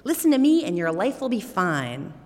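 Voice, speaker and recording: A woman voicing a squeaky, greedy tiny man in a storybook tale, urging and coaxing. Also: big pitch swings, normal speed, a little mellow, lightly acted. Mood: pushy. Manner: pushy, coaxing, whispered asides. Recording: long hall reverb.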